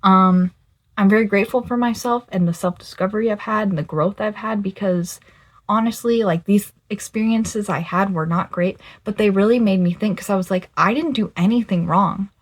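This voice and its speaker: A young woman in her twenties telling a dating story in a casual vlog, animated and exasperated, her pitch jumping up when she gets worked up. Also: moderate pace. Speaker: vlogger.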